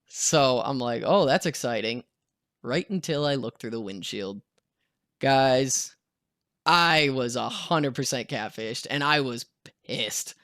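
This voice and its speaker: A man's voice: medium pitch, takes it slowly, bright, forceful tone, clear, resonant tone, dry recording. Young man telling a story, dry sound. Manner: casual storytelling, acts out quotes. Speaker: vlogger. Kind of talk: storytime vlog.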